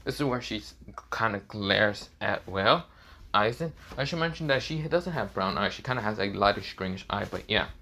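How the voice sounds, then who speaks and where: A man's voice: lowish voice, animated, normal speed, bright, forceful tone, slight background noise. Rambling man telling a fan story. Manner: rambling, many fillers and repeated phrases. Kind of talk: casual fan-fiction storytelling.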